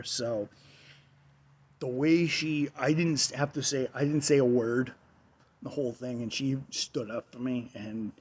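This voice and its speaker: A husky-voiced man hosting a radio talk show, telling a story casually and loosely. He circles back on his own phrases, piling up ums and "and stuff like that." His pitch sits in an ordinary middle range. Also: a little mellow. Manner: rambling, repeats phrases, many fillers.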